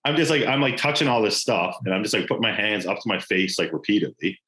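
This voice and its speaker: A man's voice: on the low side, lively intonation, quick pace, a bit bright, rough recording. A young man co-hosting a podcast, chatting casually and loosely, with lots of "like" and "yeah". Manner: laid-back, filler-heavy with lots of "like". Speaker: podcast co-host. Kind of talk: casual chat.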